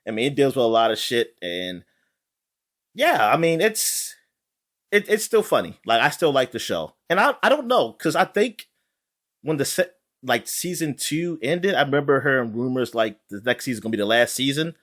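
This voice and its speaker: A man co-hosting a gaming podcast, chatting casually, animated and laughing, rambling with restarts. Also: medium pitch, normal speed. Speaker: podcast co-host. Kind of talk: casual chat.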